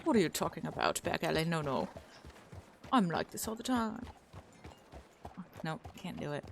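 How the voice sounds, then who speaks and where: A woman's voice: deep voice, lively intonation, moderate pace, vocal fry, a little hiss or hum. A young woman streamer chatting casually with viewers, rambling, breaking off mid-sentence and starting again. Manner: rambling, self-interrupting, trails off mid-sentence.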